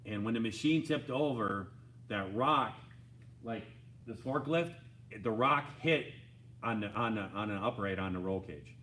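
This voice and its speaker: A man's voice: fairly low pitch, unhurried, slight background noise. Rambling man telling an off-road story. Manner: rambling, animated retelling with restarts. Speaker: homestead vlogger. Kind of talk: casual storytelling.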